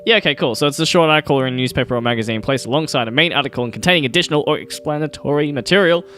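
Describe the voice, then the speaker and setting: A man's voice: on the high side, very fast, pushed and bright, faint music behind. Rambling, laughing podcast co-host man. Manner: rambling, easily sidetracked, laughs often. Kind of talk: casual chat.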